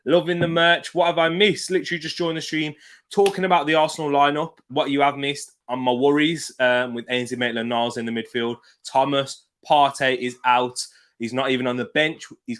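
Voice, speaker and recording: A man's voice: medium pitch, fairly bright tone. British man, casual live stream chat, laughs a lot, reads viewer comments, indoors at a desk. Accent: British English. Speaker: football watch-along streamer. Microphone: desk mic, sits back from it.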